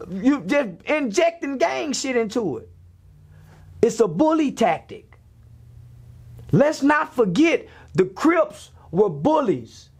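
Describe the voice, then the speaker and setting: Gravelly guy going off in a podcast interview, voice jumping all over, blunt and preachy. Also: extremely high pitch, a little mellow. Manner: blunt, preachy, fires off rhetorical questions. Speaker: interview guest.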